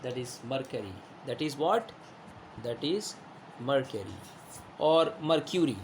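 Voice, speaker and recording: A man's voice: medium pitch, lively intonation, measured pace, background noise. A male teacher giving a classroom lesson, who repeats himself, asks rhetorical questions and shows objects while explaining.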